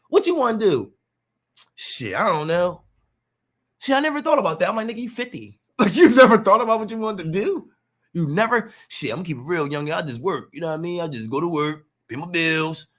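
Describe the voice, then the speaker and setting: Animated high-voiced man ranting. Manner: animated, profane street slang, acts out quotes. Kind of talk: casual monologue rant.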